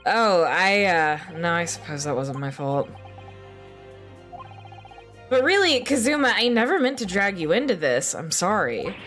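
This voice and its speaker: A woman voicing an earnest, nervous young male student, her own voice pitched slightly up, flustered and apologetic. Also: very animated, unhurried, pauses often, a bit bright, soft background music.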